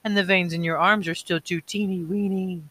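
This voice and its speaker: A man reading aloud, voicing a gentle male nurturer who talks to babies in slow, cheerful baby-talk. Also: high-pitched, steady tone. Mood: cooing.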